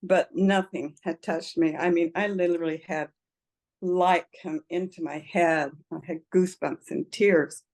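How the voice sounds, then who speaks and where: A woman's voice: fairly low pitch, fairly even intonation, unhurried, a little mellow. An older woman telling her personal story in an interview, earnest and emotional, laughing often as she speaks. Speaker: interview guest. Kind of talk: personal testimony in conversation.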